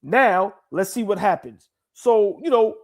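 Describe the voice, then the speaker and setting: High-voiced, congested man talking sports. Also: lively intonation, unhurried. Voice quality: nasal from congested sinuses. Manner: emphatic, repeats himself, calls sinuses bad. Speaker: co-host. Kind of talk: casual sports talk.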